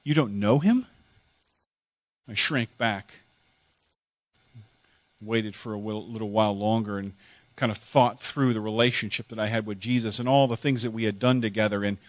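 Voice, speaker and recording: A man preacher telling a story in first person as a dramatic monologue sermon, emotional and halting, repeating words when moved. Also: medium pitch, fairly bright tone, no echo.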